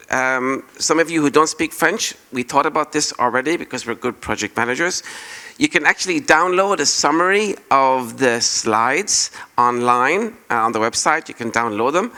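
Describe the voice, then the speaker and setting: A man's voice: medium pitch, sharp tone. A man introducing a speaker on a conference stage in a chatty, joking way. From Ireland. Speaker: conference host.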